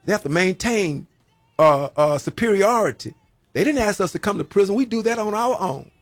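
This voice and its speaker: Man, preacher, sermon, gravelly, lively swings, dry close sound. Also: high-pitched, moderate pace, no room sound. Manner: Southern-style preaching, folksy, repeats phrases, rising and falling emphasis. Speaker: preacher, former prisoner.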